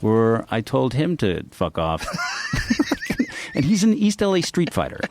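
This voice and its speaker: A man's voice: medium pitch, moderate pace. Comedian guy ranting through stories, swears a lot, voice jumps all over, bit of hiss behind. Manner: profane, animated storyteller. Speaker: comedian guest. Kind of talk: casual podcast storytelling.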